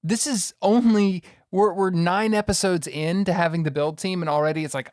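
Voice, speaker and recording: A man's voice: sits high, fairly even intonation, normal speed, darkish tone, no echo, clean studio sound. A man hosting a podcast, enthusiastically recapping a show in casual chat and laughing often. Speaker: podcast host.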